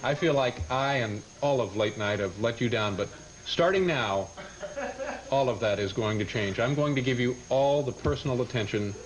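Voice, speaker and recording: A man's voice: medium pitch, normal speed, dull audio. A man hosting a late-night comedy sketch, playing a flustered, fatherly scolder. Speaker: talk show host. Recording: noisy TV broadcast with loud studio audience.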